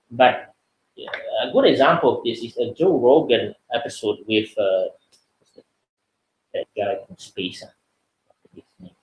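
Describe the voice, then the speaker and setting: A man's voice: medium pitch, echoey room, poor audio. A man giving a casual webinar talk, answering questions with lots of fillers and "right?" tags. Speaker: webinar speaker.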